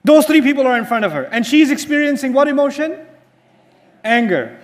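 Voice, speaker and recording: High-voiced man giving an animated sermon. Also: fairly quick. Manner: asks the audience rhetorical questions; animated storytelling. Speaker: Islamic teacher. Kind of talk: sermon-style lecture.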